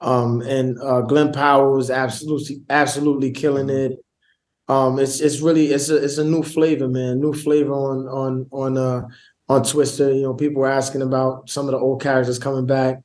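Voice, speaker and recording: A man's voice: medium pitch, level tone, moderate pace, a little mellow. A man with a New York accent, a guest actor chatting loosely in slang with many restarts. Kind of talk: casual interview chat.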